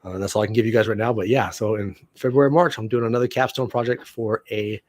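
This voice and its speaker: A man's voice: on the low side, fairly even intonation, fast, a little mellow. A middle-aged man chatting casually on a home live stream, rambling with many fillers and restarts. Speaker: vlogger and actor. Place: home room.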